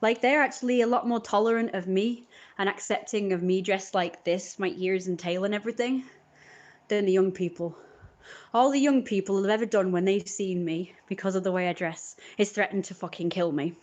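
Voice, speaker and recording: A woman's voice: mid-range voice, a little fast, darkish tone. A woman on a live stream, telling a long rambling story in an indignant tone.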